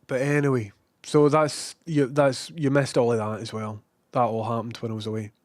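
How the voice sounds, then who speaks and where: A young adult Scottish man rambles through a casual livestream at a moderate pace, reading out viewers' chat and swearing freely at himself. His voice is an ordinary male pitch, animated and self-mocking, recorded dry and close with no room sound.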